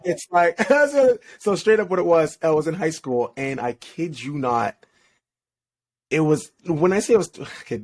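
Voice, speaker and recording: A young man tells a story in loose, slangy talk, and his pitch climbs and dips a lot as he acts out both sides. He laughs between phrases and keeps restarting his sentences. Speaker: podcast guest, relationship coach. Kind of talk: casual storytelling chat.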